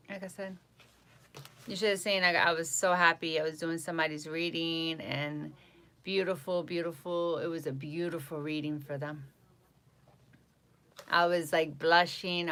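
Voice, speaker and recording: A woman from New York talks casually to her live-stream viewers, repeating phrases and stumbling over names. Her voice sits a little low but has a bright, forceful edge. The New York accent comes through plainly. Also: steady tone, measured pace, pauses often. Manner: chatty, repeats herself, reads viewer names aloud. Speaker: psychic livestream host.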